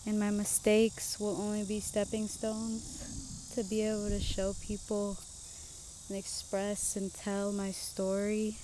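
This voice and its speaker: Slow, mellow-voiced young woman reflecting outdoors. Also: medium pitch, monotone, a little hiss or hum. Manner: reflective and heartfelt, with soft laughs. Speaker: podcast host. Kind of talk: casual personal podcast monologue. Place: outdoors on a swing among trees.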